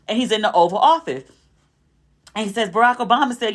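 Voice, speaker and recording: A woman hosting a podcast, telling stories in a chatty, animated way with asides to her listeners. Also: a little high, a little fast. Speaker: podcast host. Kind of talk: casual storytelling recap.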